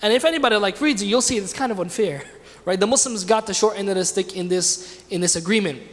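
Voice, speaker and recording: A man with a high voice leads a religious lesson in a mosque. He tells the story in a loose, conversational way and keeps turning to his class with questions. His voice rings out with a long echo in the hall. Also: quick pace. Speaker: teacher leading a class. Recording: reverberant hall.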